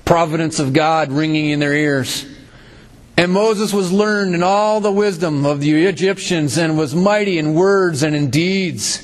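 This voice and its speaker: A man preaches a sermon in an unhurried way, reading scripture and explaining it. His voice drops low and rises again for emphasis.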